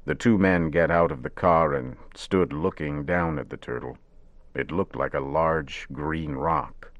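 A man narrating a radio story in measured, simple wording. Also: extremely low pitch, no room sound, highs cut off.

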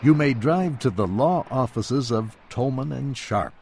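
A man doing a breezy, polite young gentleman. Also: medium pitch, animated, a little slow, pitched above the performer's own voice. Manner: polite, light-hearted.

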